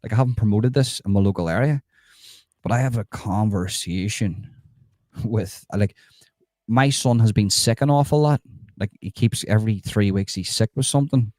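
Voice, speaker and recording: A middle-aged man rants on a live stream, swearing freely and retelling bits of conversation. His voice sits fairly low and sounds warm and relaxed, and the sound is dry and close with no room echo. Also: moderate pace. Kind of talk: rambling live-stream rant.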